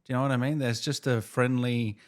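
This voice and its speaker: Male host, 30s, mid-pitched, relaxed and enthusiastic interviewer. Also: brisk. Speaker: podcast host. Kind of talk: casual interview chat.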